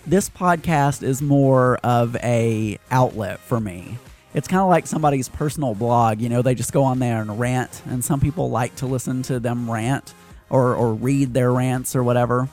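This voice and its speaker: A man's voice: medium pitch, moderate pace, a little mellow, soft background music. A man hosting a personal podcast, talking through his worries in a hesitant, self-deprecating ramble. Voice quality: hesitant, full of fillers and restarts. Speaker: podcast host.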